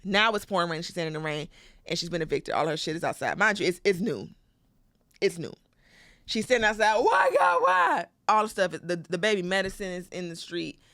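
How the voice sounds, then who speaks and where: This podcast co-host has a lowish voice and talks quickly, with no echo. On a comedy podcast, she casually retells a movie plot with animated, profane storytelling, cursing a lot and acting out quotes.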